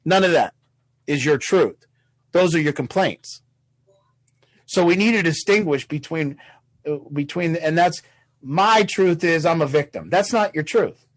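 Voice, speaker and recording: A man's voice: on the high side, measured pace, long pauses, low-quality recording. A man leading a recovery support group on a video call, talking bluntly and swearing freely, acting out what others might say.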